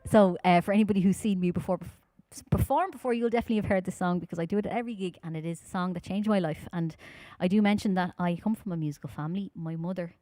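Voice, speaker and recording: A woman from Ireland with a Dublin accent, chatting quickly and informally with her audience between songs at a live-streamed concert. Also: on the low side, mellow, no room sound. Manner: talks fast, chatty and informal, with many fillers.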